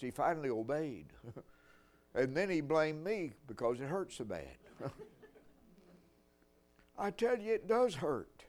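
A man's voice: fairly high pitch, big pitch swings, measured pace, pauses often, a little mellow. An older man preaching a sermon, telling folksy stories with dry humor.

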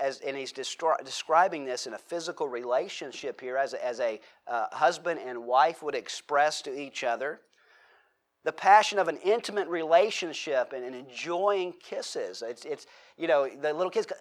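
Chatty preacher man, higher voice. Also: animated, brisk, fairly bright tone. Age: middle-aged. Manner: conversational, with self-correcting restarts and joking asides. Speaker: pastor. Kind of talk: sermon.

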